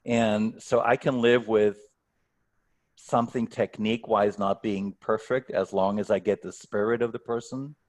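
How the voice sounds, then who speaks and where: On a video call, a man serving as guest coach answers questions thoughtfully in an online workshop Q&A, often repeating words as he begins a sentence. His voice is on the low side, steady in tone and a little slow.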